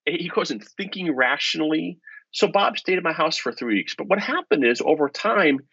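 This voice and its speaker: A middle-aged man, a professor and podcast guest, telling stories in an animated, self-deprecating way. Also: a little high, normal speed, gravelly, slightly rough, dry recording. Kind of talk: storytelling in conversation. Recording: dull lo-fi podcast audio.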